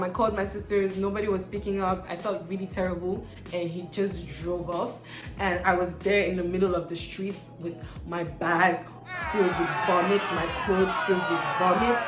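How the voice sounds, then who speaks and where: Animated young woman telling a story. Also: fairly low pitch. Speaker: vlogger. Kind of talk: casual storytime vlog. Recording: echoey room, faint background music.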